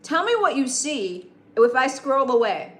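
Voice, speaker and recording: A woman streamer with a slightly high, broadcaster-like voice rambles through a casual late-night chat. She greets her viewers by name. Her voice bounces around an echoey room. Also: big pitch swings, measured pace. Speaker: live streamer.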